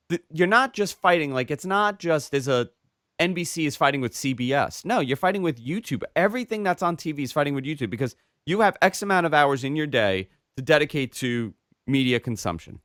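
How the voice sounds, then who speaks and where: A man co-hosting a casual tech podcast, telling stories in an animated way with emphatic asides. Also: fairly high pitch, dry recording, studio quality. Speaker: podcast co-host and video creator.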